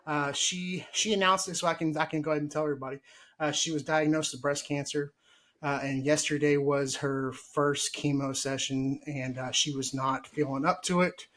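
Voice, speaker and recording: A man's voice: a little high, steady tone, moderate pace, a bit bright. A man hosting a casual gardening podcast, joking and mock-formal. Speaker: podcast host.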